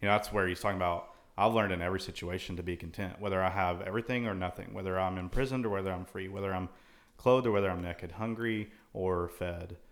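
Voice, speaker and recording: A man's voice: low voice, steady tone, fast talker. A man co-hosting a casual Christian talk show, thoughtfully quoting and explaining scripture at length. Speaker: co-host. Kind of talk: casual Bible discussion.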